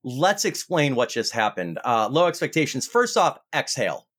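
The host of a word game podcast, with a medium-pitched, slightly rough voice, keeps score in rapid bursts and teases the players in an animated way.

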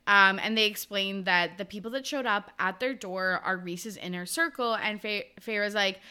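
Bright, smooth-voiced young woman recapping a book. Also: mid-range voice, normal speed. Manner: animated, swearing, lots of "like". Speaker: podcast co-host. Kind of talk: casual book recap chat.

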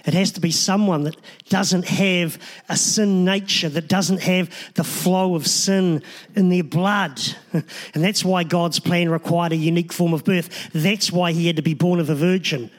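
A man's voice: sits high, steady tone, a little slow. A man, a pastor, preaching a sermon in an earnest, emphatic way with short repeated phrases.

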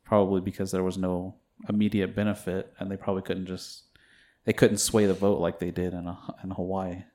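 A man's voice: sits low, flat delivery, fairly quick, mellow. A man co-hosting a casual podcast chat, talking in a laid-back, hesitant way and laughing often. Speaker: podcast co-host.

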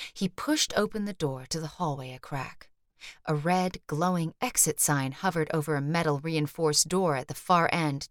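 A woman narrating an audiobook in measured, even storytelling. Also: deep voice, no echo, studio quality. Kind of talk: scripted narration.

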